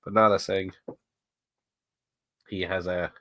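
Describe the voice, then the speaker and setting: Chatty low-voiced man. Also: little pitch movement, unhurried, pauses often, fairly bright tone, no echo. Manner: chatty, laughs often, rambling asides. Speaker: watch-party host. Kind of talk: casual live commentary reading chat.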